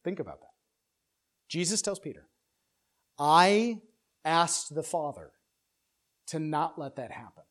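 Earnest preacher, halting then building up. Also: male voice, animated. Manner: earnest, with frequent restarts and repeated words; builds louder and higher when stressing a point. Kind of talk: expository sermon.

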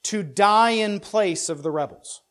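A man with a notably high voice teaches a Bible passage in a loose, talky way. He keeps checking in with his listeners and tosses in dry jokes. He often stumbles and repeats words as he works through his thoughts. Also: measured pace, a bit bright. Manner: keeps checking in with "right?", with joking asides.

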